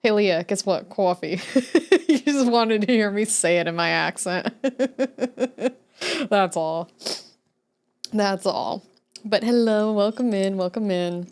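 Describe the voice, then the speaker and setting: A young woman hosting a relaxed livestream, taking her time as she chats with her viewers into a desk mic. She answers them with easy giggles. Her voice sits at an ordinary middle pitch. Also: slow, smooth. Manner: chatty, giggly, answers chat aloud with frequent laughter. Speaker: livestream host. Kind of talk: casual chat with viewers while drawing.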